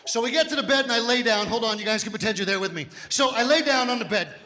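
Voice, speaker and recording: A man in his fifties performing a stand-up comedy set, telling stories loudly and physically and shouting his punchlines. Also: extremely high pitch, quick pace. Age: 50s. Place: comedy club stage. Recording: live hall reverb with faint noise. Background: audience laughter.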